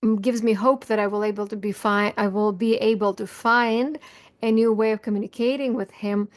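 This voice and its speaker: A woman's voice: medium pitch, fairly even intonation, moderate pace. A middle-aged woman coach talking earnestly to camera about feelings, smiling as she speaks, recorded over a video call. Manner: earnest, warm-hearted, smiling while talking about grief. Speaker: self-help coach. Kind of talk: casual talk to camera.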